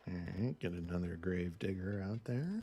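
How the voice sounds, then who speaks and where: A man casually thinking aloud as he plays through a video game on stream, laid-back and unhurried. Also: sits low, warm tone, slight background noise. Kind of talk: casual let's-play commentary.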